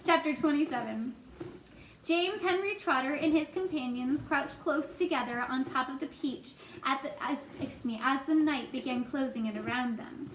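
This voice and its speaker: A woman reading a children's book aloud in a gentle, expressive way. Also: high voice, moderate pace. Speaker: storyteller. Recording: echoey room, faint noise.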